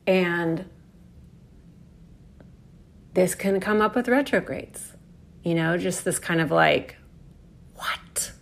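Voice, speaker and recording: A woman's voice: lowish voice, takes it slowly, pauses often. A woman giving a reflective, earnest spiritual talk about astrology, casually swearing and acting out inner voices. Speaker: astrology speaker.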